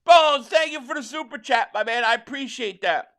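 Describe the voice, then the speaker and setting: A man from Philadelphia hosting a live football watch-along, excitably calling plays and reading viewer chats, stammering on restarts. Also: extremely high pitch, normal speed. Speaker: livestream host and fan.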